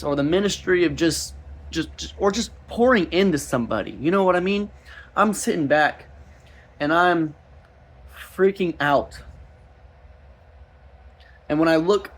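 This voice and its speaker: A young man with a slightly high voice, giving a rambling personal testimony as a street minister, with many restarts.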